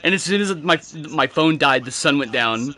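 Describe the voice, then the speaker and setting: A young man chatting with friends while gaming tells rambling, profane stories punctuated by laughs. His voice is a little high and sharp, animated, at a normal speed.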